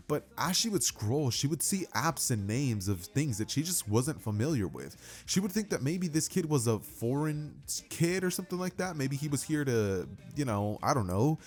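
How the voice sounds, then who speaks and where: A man's voice: fairly high pitch, a little mellow. Chatty man narrating a fan story. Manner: chatty, filler-laden, asides to listener. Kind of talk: casual fan fiction narration.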